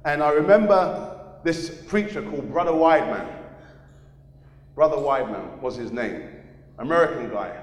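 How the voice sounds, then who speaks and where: An earnest male pastor preaches and shares his testimony, repeating key phrases for weight. His voice sits a little high and carries a long reverb around a church hall. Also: expressive, normal speed, long pauses. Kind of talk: sermon with personal testimony. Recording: echoey hall.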